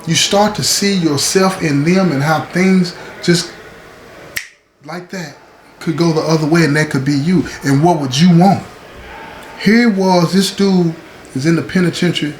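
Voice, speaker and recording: A man's voice: on the high side, a little slow. A man hosting his own show, telling a story in a casual, conversational way, often checking in with "right?". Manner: conversational, frequent "right?" and "you know what I'm saying". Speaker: host. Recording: echoey room with faint ambient noise.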